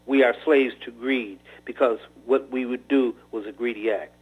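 A man's voice: mid-range voice, fairly even intonation, moderate pace, breathy edge, close to an everyday voice. A man doing a subdued young man. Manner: quiet, reluctant reading. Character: subdued young man reading aloud under threat. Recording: tinny phone-like radio line.

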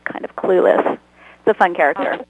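A woman guest, a comedy actor in Los Angeles, chats casually in an interview at a moderate pace, laughing often and making self-deprecating jokes about herself. The sound is phone-quality with no room sound.

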